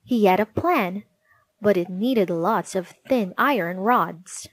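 A woman reading a children's storybook aloud, gently and clearly. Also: medium pitch, slow pace, no echo.

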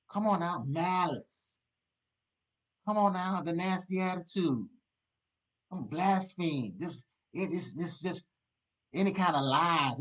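A man leading a study, preaching in a repetitive, exhorting style that swings between loud urging and quiet prayer. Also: fairly high pitch, slightly rough, rough recording. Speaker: Bible study teacher.

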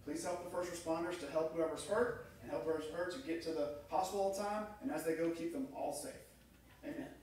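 A middle-aged pastor preaches a sermon in a church sanctuary, telling stories and acting out quoted voices. His voice is a little high, a little fast and a little mellow. The room is echoey, the mic sits far off, and there's a slight hiss or hum.

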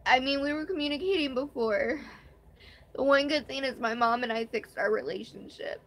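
Young female vlogger, somewhat high voice, rambling and candid, live-stream chat. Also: normal speed, fairly bright tone, a little hiss or hum. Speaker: vlogger hosting her first live stream.

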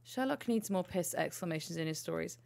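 A woman's voice: on the low side, animated, fairly quick, gravelly, a little mellow. A woman giving casual gameplay commentary as a streamer, profane, playful and chatty.

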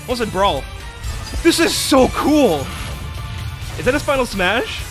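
A man hosting a reaction video, excitedly calling out what he sees and shouting in disbelief. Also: very high-pitched, measured pace. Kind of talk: excited live reaction commentary. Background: trailer music playing.

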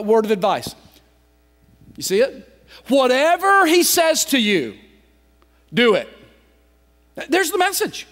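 A man preaching a sermon as pastor, swinging from loud emphatic lines to soft, slowly drawn-out phrases. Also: very high voice. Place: church sanctuary. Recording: church hall reverb.

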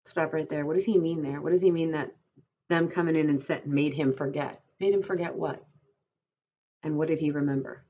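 Brief: low-voiced woman teacher reading aloud and quizzing students, muffled recording. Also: fairly even intonation, warm tone, a little hiss or hum. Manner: pauses to quiz listeners.

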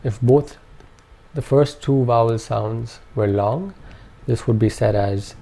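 A man's voice: mid-range voice, slow, creaky, warm tone. A man narrating a scripted language lesson, carefully enunciating each syllable and repeating words for practice. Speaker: language teacher.

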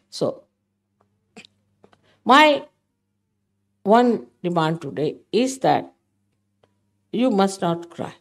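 A woman's voice: mid-range voice, sing-song, takes it slowly, pauses often. Emphatic older woman teaching. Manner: emphatic, scolding, motherly. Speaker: spiritual teacher. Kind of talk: spoken talk to followers.

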